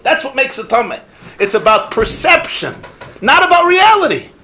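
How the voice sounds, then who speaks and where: A man's voice: very high-pitched, very animated, normal speed, pushed and bright. A rabbi giving a Torah class, emphatic and repeating his key phrases, with Yiddish and Hebrew words mixed in.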